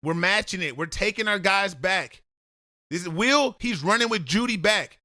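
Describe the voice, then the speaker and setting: A man with a high, bright voice breaks down football game film. He lectures bluntly and talks straight at the player. His voice is recorded dry and close. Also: expressive, normal speed, no echo.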